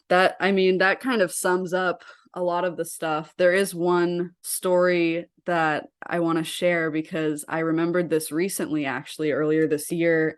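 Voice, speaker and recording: A woman's voice: low-pitched, dry recording, studio quality. Earnest young woman recounting her past. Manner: earnest, frequent "like" fillers. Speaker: interview guest, survivor. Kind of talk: personal storytelling in a podcast interview.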